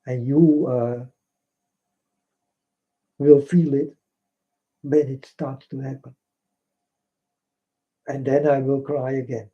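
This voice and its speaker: Slow earnest man, dull lo-fi sound. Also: medium pitch, little pitch movement, mellow. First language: Dutch. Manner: earnest and repetitive, addresses listeners as folks. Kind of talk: impassioned spoken monologue. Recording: dull lo-fi recording.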